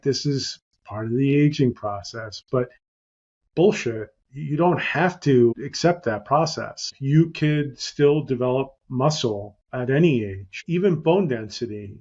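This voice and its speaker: A man's voice: mid-range voice, darkish tone, dull audio. A middle-aged man hosting a podcast, chatting casually and rambling with lots of "you know" fillers. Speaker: podcast host.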